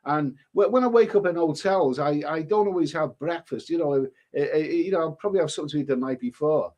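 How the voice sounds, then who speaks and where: Reading out his viewers' comments, this man rambles in a casual live chat, frequently tripping over and repeating words. His voice is slightly high and a bit mellow, and he talks fast.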